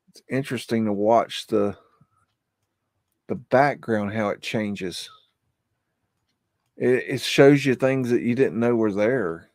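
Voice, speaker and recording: A man's voice: mid-range voice, a little mellow, no echo. Rambling man muttering over photos, dry sound. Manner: rambling, hesitant, easily spooked; swearing, muttered exclamations. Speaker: livestream host. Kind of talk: live commentary on archive photos.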